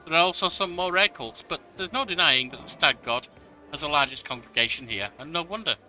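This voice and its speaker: A man reading a humble high priest's lines aloud in an earnest, courteous manner. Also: bright, forceful tone.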